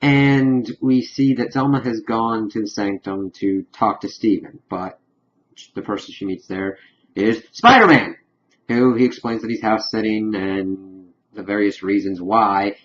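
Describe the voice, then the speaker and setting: A man's voice: lowish voice, measured pace. A man giving a casual, enthusiastic spoken review of a comic book. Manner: chatty and enthusiastic, acts out characters' lines. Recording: dull lo-fi recording.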